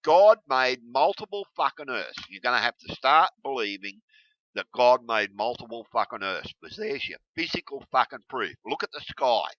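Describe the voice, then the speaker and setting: Swearing, ranting man, lively and bright. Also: medium pitch, normal speed, no echo. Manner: heated, swearing constantly, yelling bursts. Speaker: video blogger. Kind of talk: angry profane rant to camera. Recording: dull lo-fi recording.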